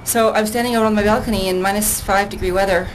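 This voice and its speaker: A woman's voice: mid-range voice, steady tone, quick pace, background noise. An older woman chatting casually in a fitness vlog, rambling and laughing often, a bit out of breath after a workout, recorded on a handheld camera out on her balcony. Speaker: vlogger. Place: outdoor balcony.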